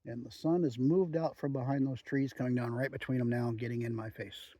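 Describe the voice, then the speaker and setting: A man chatting in a relaxed, rambling way outdoors in the woods while reviewing a chew. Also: medium pitch, a little fast, dry recording. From Oregon. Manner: chatty, relaxed, frequent "um" and "you know". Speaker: outdoor vlogger reviewing chewing tobacco. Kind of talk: rambling casual monologue.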